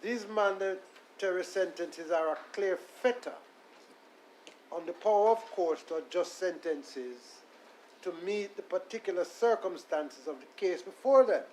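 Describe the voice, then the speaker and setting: A man, a lawyer making a deferential, measured legal argument in court and reading his submissions aloud. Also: high voice, darkish tone, a little hiss or hum, rough recording. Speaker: defense attorney.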